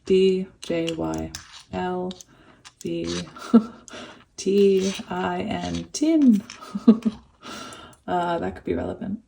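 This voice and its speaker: A young woman doing a tarot reading, giddy and giggly, breaking into excited squeals of laughter. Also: lowish voice, drawn-out words, creaky, long pauses, slight background noise. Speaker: tarot reader. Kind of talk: pick-a-card tarot reading.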